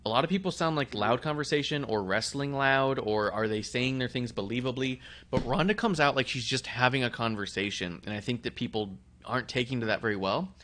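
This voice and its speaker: A man's voice: mid-range voice, a bit bright, a little hiss or hum. Man, podcast co-host, casual rambling delivery, frequent laughs. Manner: rambling, laughs often, quick asides. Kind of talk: casual chat.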